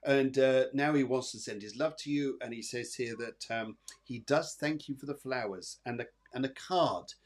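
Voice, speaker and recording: A man's voice: medium pitch, moderate pace, hardly any pauses. A man hosting a live psychic reading show, chatty and reassuring, rambling with fillers as he reads. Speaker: psychic medium host.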